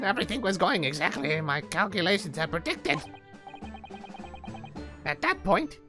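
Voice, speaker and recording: Man voicing a nerdy eccentric professor, stammering, bright tone, wild swoops in pitch. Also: heavily acted. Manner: stammering, rapid bursts of excitement. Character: excitable eccentric male professor, nerdy scientist. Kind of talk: voicing a game character while streaming.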